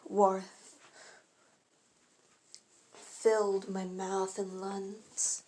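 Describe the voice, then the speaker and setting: A woman's voice: medium pitch, takes it slowly. A woman casually reading her own first-person fan story aloud. She often stumbles and corrects herself mid-sentence.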